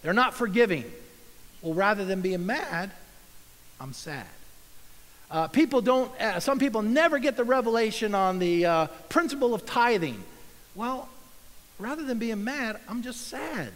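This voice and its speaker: High-voiced preaching man, reverb. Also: lively intonation, moderate pace, pauses often, a bit bright. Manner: earnest, conversational preaching with acted asides. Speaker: pastor. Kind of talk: sermon.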